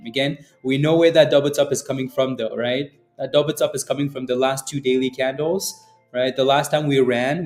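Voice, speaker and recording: A man's voice: medium pitch, darkish tone. Male stream host, loose casual market chatter, repeats himself, ends lines with "right?", faint music underneath. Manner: rambling, repeats words, tags lines with "right?". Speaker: stock trading livestream host.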